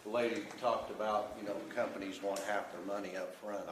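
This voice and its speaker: A man offers a blunt public comment at a county meeting, talking conversationally and loosely. His voice sits fairly low. He is heard from some distance in an echoey room with clear background noise. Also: steady tone, a little fast, few pauses. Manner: blunt, conversational, many fillers. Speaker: member of the public.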